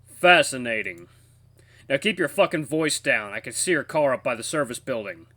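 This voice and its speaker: A man's voice: mid-range voice, expressive, normal speed, pushed and bright, dry recording. A man voicing a curt, sarcastic armed companion in a visual novel. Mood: curt hushed.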